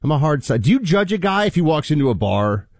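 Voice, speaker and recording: A man's voice: very animated, quick pace, no echo, clean studio sound. A man co-hosting a radio talk show, chatting casually and teasing his partner in a playful way. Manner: playful, teasing, jumps up in pitch. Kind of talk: casual on-air banter.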